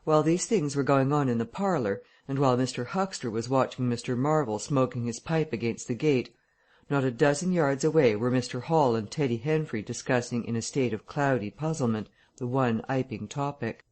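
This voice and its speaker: In this scripted audiobook narration, a mid-range male voice reads a classic novel aloud, keeping his delivery steady and measured.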